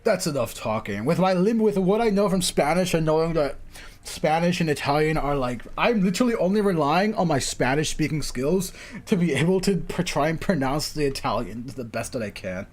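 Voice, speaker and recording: A man's voice: a little high, expressive, fairly quick. Laughing man streaming a game. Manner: reads game dialogue aloud and breaks off to joke and laugh. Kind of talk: casual livestream commentary.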